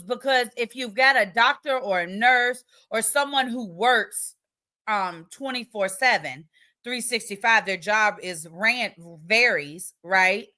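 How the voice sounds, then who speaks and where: Give me a playful woman livestream host, reading comments in a bright, lively voice. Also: a little high. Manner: chatty, reads viewer comments aloud, playful. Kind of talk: casual livestream chat.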